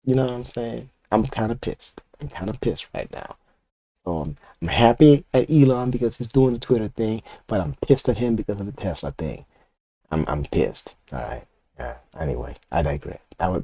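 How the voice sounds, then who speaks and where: A man's voice: lowish voice, lively intonation, normal speed, dark tone, husky, no echo. An older man of Puerto Rican roots, a comic artist ranting casually and profanely to his chat while he inks. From Puerto Rico. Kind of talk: casual rant while inking art.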